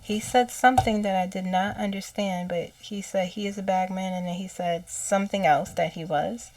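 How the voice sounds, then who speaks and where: A woman of middling pitch tells what she heard in a channeled session, pausing often and filling gaps with "um". She sits a little back from the mic. The room is dry and close. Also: fairly even intonation, darkish tone, dry recording, far from the mic. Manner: halting, with many fillers and quoted speech. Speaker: psychic channeler. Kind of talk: casual spoken recounting of a channeled message.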